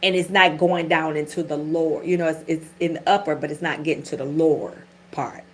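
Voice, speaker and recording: A middle-aged woman who reads tarot and hosts her own channel chats casually and candidly with viewers on a livestream, swearing frankly and using everyday slang. Her voice is low, fairly even in intonation, and brisk.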